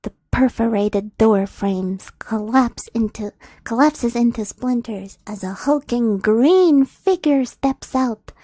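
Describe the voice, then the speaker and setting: A young woman streamer reading a fan story aloud, softly and often whispered, with giggly asides, on a close mic. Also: on the high side, takes it slowly, no echo.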